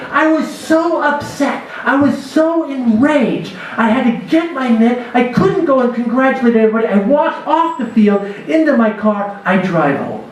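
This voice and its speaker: A male spirituality teacher speaks at an unhurried pace, his pitch rising and falling widely as he acts out a story from his own life. The sound comes from a church hall with heavy echo, recorded from some distance away. A faint room murmur sits underneath. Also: sing-song, slight background noise. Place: church hall at a dinner gathering. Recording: echoey hall recorded from far off.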